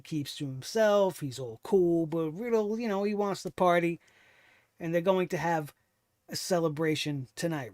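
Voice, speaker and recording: Man, fairly high voice, sarcastic and fed up, casual review talk, dry close sound. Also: dry recording. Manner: sarcastic, exasperated, swears freely. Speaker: wrestling show reviewer.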